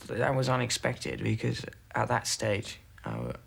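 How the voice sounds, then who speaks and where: A man, a former military airman, recalling events haltingly in a documentary interview, with many pauses and fillers. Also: medium pitch, big pitch swings, vocal fry, fairly bright tone.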